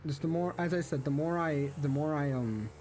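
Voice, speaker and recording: A man's voice: fairly high pitch, fairly quick, darkish tone, slight background noise. A man streaming a game while chatting casually, rambling earnestly and reflectively, with many restarts and self-corrections. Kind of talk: casual chat while gaming.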